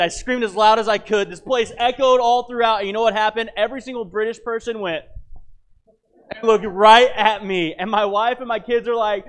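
A man with a slightly high voice, telling a story with lively drama. He adds dry, wry asides. He sounds like he is in his thirties. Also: normal speed. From United States. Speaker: speaker telling a travel story. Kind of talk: storytelling talk.

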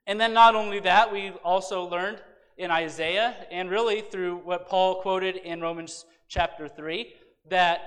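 Animated male Sunday school teacher in a church hall. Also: sits high, normal speed. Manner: animated, emphatic reading with rhetorical questions. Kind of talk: Bible lesson with scripture reading and prayer.

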